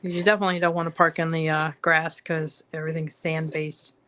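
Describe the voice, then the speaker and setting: A woman chatting casually with a fellow artist on a live stream, telling stories with quick giggly asides. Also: low-pitched, little pitch movement, a bit bright. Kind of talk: casual chat.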